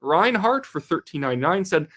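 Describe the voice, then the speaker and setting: A man's voice: fairly high pitch, big pitch swings, fairly quick, sharp tone. Chatty young man hosting a livestream. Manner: reads viewer comments aloud, chatty and upbeat. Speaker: livestream host. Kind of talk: casual live commentary.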